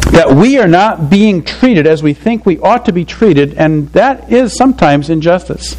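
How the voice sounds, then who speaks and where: A man's voice: high voice, a little mellow, a little hiss or hum, poor audio. A man preaching a sermon, talking conversationally and often asking the congregation rhetorical questions. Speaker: pastor.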